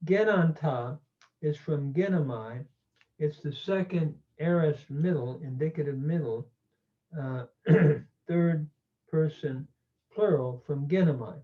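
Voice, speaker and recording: A man teaching a grammar lesson slowly and deliberately, with frequent pauses and fillers. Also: fairly high pitch. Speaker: Greek teacher. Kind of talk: grammar lecture. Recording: tinny phone-like audio.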